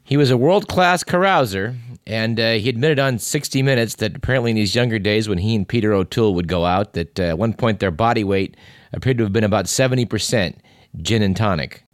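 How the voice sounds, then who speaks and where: A man hosting a show, talking through a casual monologue in a halting way, with many filler pauses. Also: lowish voice, dry recording, clean studio sound. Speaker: radio show host.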